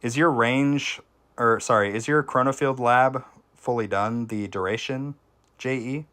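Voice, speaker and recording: Man, game streamer, mid-pitched, relaxed commentary with excited bursts. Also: unhurried. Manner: casual, reacts excitedly to the game, chats with viewers. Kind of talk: live gameplay commentary.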